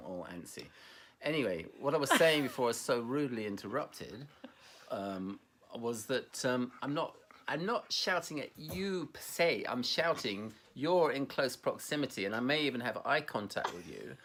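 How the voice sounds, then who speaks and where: A man's voice: medium pitch, fairly bright tone, slight background noise. A man co-hosting a casual conversation, rambling and self-mocking, laughing often at himself. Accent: Scottish. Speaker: podcast co-host.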